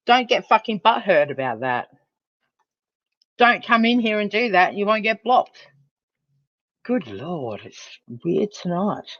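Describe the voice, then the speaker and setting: A woman's voice: medium pitch, very animated, slow, long pauses, a bit bright, dry recording. Woman streamer, angry profane rant, dull lo-fi sound, dry close audio. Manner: heated, profane, emphatic. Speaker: livestream host.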